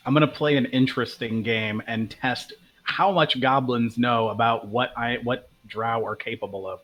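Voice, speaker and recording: A man's voice: medium pitch, fairly even intonation, moderate pace, a bit bright. Man narrating his tabletop moves. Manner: narrating his character's actions. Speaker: player. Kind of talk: tabletop game play.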